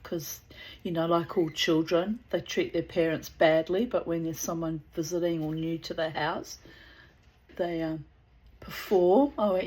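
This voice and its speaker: A woman, an author telling personal stories in a chatty, digressive, animated way. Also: fairly low pitch, measured pace, husky, poor audio. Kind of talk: casual storytelling with asides.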